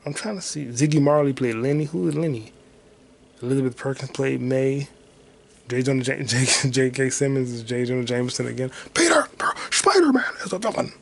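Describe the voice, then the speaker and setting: A man with a gravelly voice hosting a solo podcast, swearing freely as he thinks aloud. His pitch is middling, and his delivery is loose, casual and unscripted. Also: fairly even intonation, brisk. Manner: profane, thinking aloud while searching online. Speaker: podcast host.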